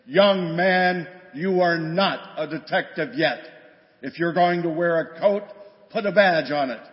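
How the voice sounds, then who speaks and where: Guy doing a stern police lieutenant barking at a rookie, loud and kinda high, long echo in a church hall. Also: measured pace, lightly acted. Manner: barking orders. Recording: dull, long church reverb.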